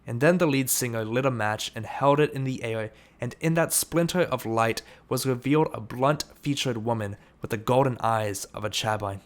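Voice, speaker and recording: A man narrating an audiobook, reading steadily and lifting his voice for shouted lines. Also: mid-range voice, moderate pace, few pauses. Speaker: audiobook reader.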